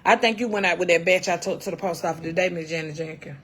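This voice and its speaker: A woman's voice: lowish voice, fast talker, a bit bright. A middle-aged woman hosting a casual cooking livestream, folksy and salty, calling her viewers baby and honey.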